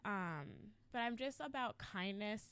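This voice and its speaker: Chatty mom telling a story, dry sound. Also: female voice, mid-range voice, expressive, takes it slowly, fairly bright tone, clean tone, no room sound. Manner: storytelling, lots of "like" fillers. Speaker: podcast co-host. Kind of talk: casual chat.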